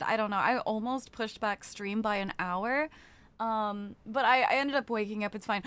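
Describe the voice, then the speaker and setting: Young woman streamer, casual chat, fairly high, crisp and dry. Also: fairly bright tone, no room sound. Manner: chatty, greets chat by name, swears casually.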